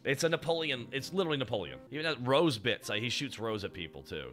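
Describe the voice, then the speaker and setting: A man hosting a casual chat and reviewing robot designs, excitable and rambling, and swearing freely as he goes. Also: medium pitch, fast talker, faint music behind. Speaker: show host.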